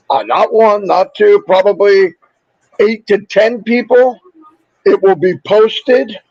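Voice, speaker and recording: A man hosting a casual livestream, upbeat and chatty, rattling off viewer shout-outs while losing his voice. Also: sits high, no echo, lo-fi sound. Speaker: livestream host.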